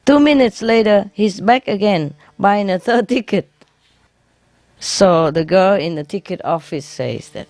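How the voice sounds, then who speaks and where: A woman's voice: mid-range voice, expressive, unhurried, darkish tone, no room sound, studio quality. A woman, a spiritual teacher, telling jokes to an audience in simple English, laughing at her own punchlines and explaining them afterwards.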